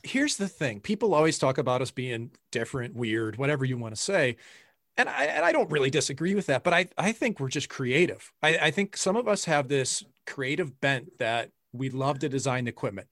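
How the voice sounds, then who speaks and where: A man hosting a casual interview podcast, talking in a measured, relaxed way with some stammering restarts. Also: mid-range voice, no room sound, clean studio sound. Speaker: podcast host.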